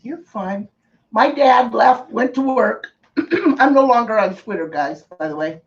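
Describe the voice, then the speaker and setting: A woman tells a story on a live stream, slowly and earnestly, stopping now and then to thank viewers. Her voice sounds set back from the mic. The sound is dull and lo-fi. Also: on the high side, lively intonation, far from the mic.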